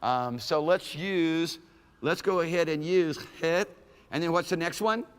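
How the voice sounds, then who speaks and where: A man's voice: on the high side, a little slow, clear, resonant tone, big-room sound. A man teaching an introductory Hebrew class as a classroom lecture, talking casually and checking in with the students often. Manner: conversational, checks in with "okay?" often. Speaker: Hebrew instructor. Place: lecture room.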